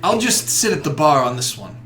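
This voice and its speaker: A man's voice: a little high, sing-song, a little fast, fairly bright tone, reverberant, soft background music. A man voicing Volo, an eager, penniless male traveling scholar who is chatty and overly familiar, in a tabletop game.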